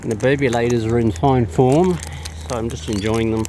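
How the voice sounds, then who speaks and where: A woman's voice: a bass voice, steady tone, moderate pace. A woman chatting casually and cooing affectionately to wild birds outdoors, filming on a phone. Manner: cooing baby talk to birds. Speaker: bird feeder vlogger. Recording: noisy outdoor recording with birds.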